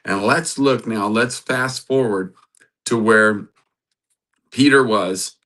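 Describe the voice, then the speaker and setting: A man's voice: fairly low pitch, slow pace, a bit bright. A man teaching from the Bible in a sermon style, reading scripture aloud and building to emphatic, repeated phrases. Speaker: preacher.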